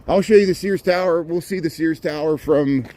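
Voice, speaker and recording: Walking through a city park at dawn, a man livestreams on a handheld phone, giving casual commentary full of repeated words and restarts. He is a little out of breath, and his voice is a little high and warm at a normal speed.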